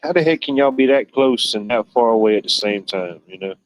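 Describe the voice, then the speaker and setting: A man's voice: medium pitch, lively intonation, fairly quick, lo-fi sound. A man hosting a livestream, chatting casually, rambling and joking with viewers. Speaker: livestream host. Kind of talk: casual chat reading viewer comments.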